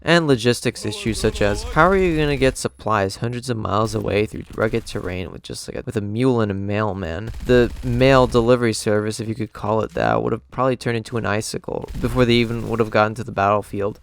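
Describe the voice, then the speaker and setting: A man's voice: on the low side, fairly quick, creaky, few pauses, smooth. A man giving a jokey, sarcastic game review commentary over gameplay. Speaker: gaming channel host.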